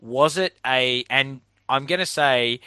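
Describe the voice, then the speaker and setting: Bright, clear-voiced Australian man hosting. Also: mid-range voice, takes it slowly, dry recording. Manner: laughs often, restarts and trails off. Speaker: podcast host. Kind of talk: casual interview chat.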